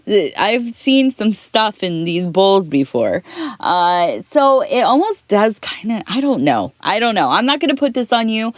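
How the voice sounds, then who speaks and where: Soft-spoken rambling woman reading tea leaves. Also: lowish voice, dry recording. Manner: rambling, talks in circles with restarts. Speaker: tea leaf reader.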